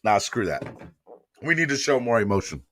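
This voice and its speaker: Over some background noise, a man with a lowish, sing-song voice runs a live fan morning show at a moderate pace. In this casual stream he gets emotional and rambles, thanking viewers and reading out their comments.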